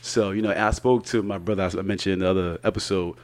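A man's voice: low-pitched, steady tone, quick pace. Laid-back man in casual podcast chat. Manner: laid-back, often trailing off with "you know what I mean". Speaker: podcast co-host.

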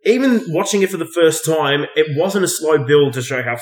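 A man's voice: a little high, animated, normal speed. Sweary Australian man in a roomy space. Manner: sweary, laughs often. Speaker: podcast co-host. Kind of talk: casual banter. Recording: roomy echo.

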